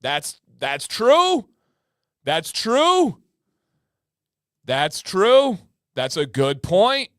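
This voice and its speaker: A man's voice: on the high side, clean tone, no echo, clean studio sound. Laid-back male livestream host. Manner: laid-back, joking, repeats phrases as he reacts. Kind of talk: casual livestream chat reading comments.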